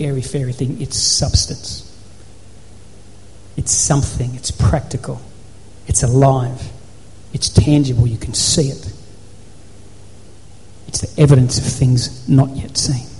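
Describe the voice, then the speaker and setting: A man preaching a sermon as pastor, building to repeated, shouted phrases. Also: medium pitch. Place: church hall. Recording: reverberant church hall.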